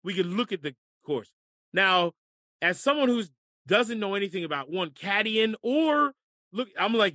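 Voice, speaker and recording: An American man tells stories for an interview, acting out the voices in them and laughing along with the punchlines. His voice is bright and fairly high for a man. The recording sounds dry and close. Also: normal speed, no echo. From United States. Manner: animated storyteller acting out voices, laughing often. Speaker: caddie and broadcaster. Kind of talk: storytelling in a podcast interview.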